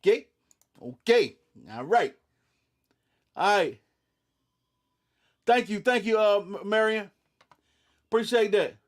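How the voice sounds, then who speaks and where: This livestream host is a young man from eastern North Carolina whose high-pitched voice moves slowly, with frequent pauses. Relaxed and drowsy, he welcomes viewers by name and keeps dropping "you know what I'm saying."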